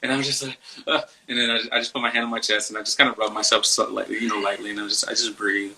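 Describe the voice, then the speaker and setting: A young man talking about self-love in a casual, reflective way, soft-spoken and searching for words with many fillers. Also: on the low side, flat delivery, quick pace, gravelly, a little hiss or hum, low-quality recording. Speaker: podcast host and coach.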